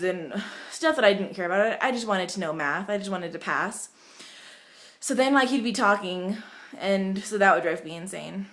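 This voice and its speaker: A woman's voice: medium pitch, moderate pace, a bit bright. A young woman from the United States telling rambling stories to her webcam at home, chatty and full of fillers. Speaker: vlogger. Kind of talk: casual vlog storytelling.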